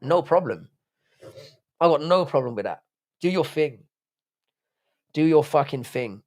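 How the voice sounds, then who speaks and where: A man's voice: a little high, expressive, a little slow, darkish tone. A man with a strained throat hosting a livestream, reading out chat and bantering back in a laddish, sweary way. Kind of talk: casual live stream chat.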